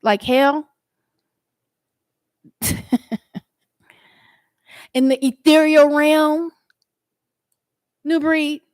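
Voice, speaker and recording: A woman's voice: high-pitched, steady tone, extremely slow, long pauses, no echo. A woman hosting an outdoor livestream, chatting and preaching straight to her viewers. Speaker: livestream host. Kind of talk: casual livestream chat and teaching.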